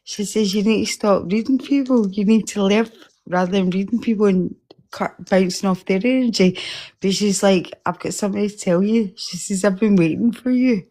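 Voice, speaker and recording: A woman talking in a casual, rambling way about a spiritual encounter, emotional and quick to laugh. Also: mid-range voice, dark tone. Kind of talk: casual chat.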